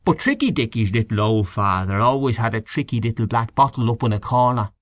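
A man's voice: medium pitch, lively intonation, brisk, no room sound, clean studio sound, natural voice. A man doing a sneering, grumbling canvasser. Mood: scornful. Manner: sneering, indignant. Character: grumbling middle-aged Dublin canvasser, scornful gossip. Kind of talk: audiobook character voice.

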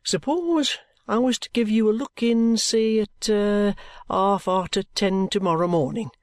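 A man voicing a genial, ingratiating middle-aged male detective who talks in a slow, coaxing, colloquial way. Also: high-pitched, dry recording, pitched above the performer's own voice.

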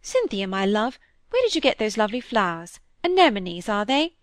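A woman reading the part of a fussy, vain middle-aged Victorian stepmother, fretful and a little higher in pitch. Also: sing-song, normal speed, dry recording, studio quality, natural voice. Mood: gushing. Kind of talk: audiobook character reading.

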